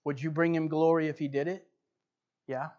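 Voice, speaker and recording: A man's voice: a little high, level tone, moderate pace. Earnest preacher man on lo-fi audio. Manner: earnest, emphatic, rising loud in the telling and dropping quiet to press the point. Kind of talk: sermon, reading a story aloud then preaching. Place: church building. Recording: dull lo-fi recording.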